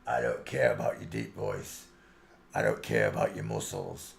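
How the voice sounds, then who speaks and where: A man putting on a deep, slow, scornful voice as a dismissive admirer. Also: sing-song, vocal fry, a little hiss or hum, exaggerated voice.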